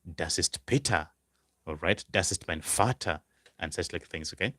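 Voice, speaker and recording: A man tutoring a language lesson, slowly repeating each phrase word by word. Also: low-pitched, lively intonation, fairly bright tone, dry recording, clean studio sound. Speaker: German tutor.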